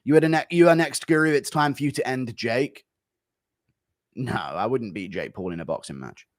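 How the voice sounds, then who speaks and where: A man, reacting to chat on a livestream, giving blunt, dismissive, rapid-fire verdicts. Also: medium pitch, lively intonation, no echo, clean studio sound. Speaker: streamer.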